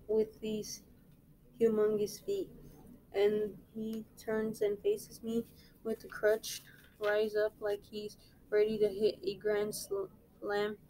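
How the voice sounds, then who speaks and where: A woman, a reading teacher, reading a novel aloud in a plain, unhurried way with small slips. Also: mid-range voice, warm tone, slight background noise, poor audio.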